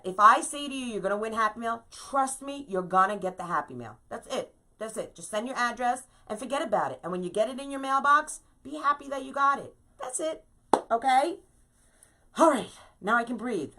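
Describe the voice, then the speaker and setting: This bright, forceful, mid-range voice belongs to a middle-aged woman running a live crafting stream. Her talk moves between casual chatter and emphatic ranting, and she frequently tacks "okay?" onto what she says.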